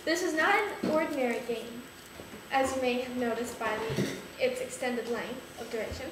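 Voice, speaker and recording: High-voiced woman reading a mock-dramatic story. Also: moderate pace. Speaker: creative writing group member. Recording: very echoey room, background noise.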